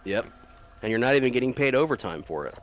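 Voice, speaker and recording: A man's voice: medium pitch, very animated, fast, soft background music. A man chatting casually while playing a game, rambling through stories with swearing and laughter. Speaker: gameplay commentator. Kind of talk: casual gameplay chat.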